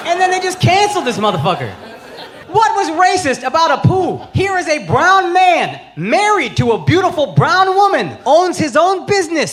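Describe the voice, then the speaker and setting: On a comedy club stage before a live audience, a stand-up comedian in his thirties shouts punchlines through a brash, profane set with crowd work. His voice is extremely high-pitched. The live club recording is noisy, full of loud crowd laughter.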